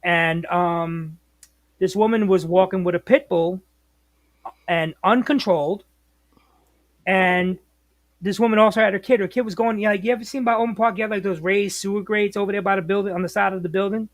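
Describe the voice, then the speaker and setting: A man, a former bus operator telling stories as a podcast guest in a lively, slangy way. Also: high-pitched, moderate pace, dry recording. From New York, US. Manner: animated, slangy, acts out quotes. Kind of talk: casual storytelling.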